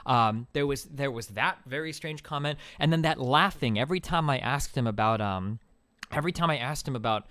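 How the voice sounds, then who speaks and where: A man's voice: mid-range voice, brisk, a bit bright, no echo. An American man streaming, talking casually to his chat in a rambling, profane way full of filler words. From United States. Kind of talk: casual livestream monologue to chat.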